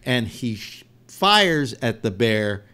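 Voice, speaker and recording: Lively man spinning a long joke. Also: medium pitch, slow pace, smooth. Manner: rambling, animated storyteller with restarts. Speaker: host. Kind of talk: casual joke-telling on a live talk show.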